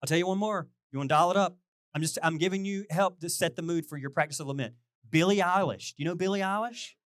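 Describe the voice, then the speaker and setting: A high-voiced man preaches at a quick pace in a studio-quality recording with no room sound. His conversational sermon is animated and jokey, with sung bits and frequent questions to the congregation.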